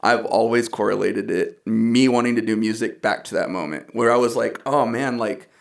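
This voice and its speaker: A man's voice: lowish voice, moderate pace, gravelly. A young man from the Dallas area, a guest musician in a casual podcast conversation, telling personal stories earnestly with quoted asides and laughs.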